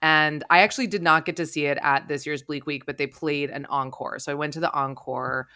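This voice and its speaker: Lady film critic on a podcast, low smooth voice, laughs a lot, bit self-deprecating. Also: steady tone, a little fast, sharp tone. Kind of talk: casual podcast chat.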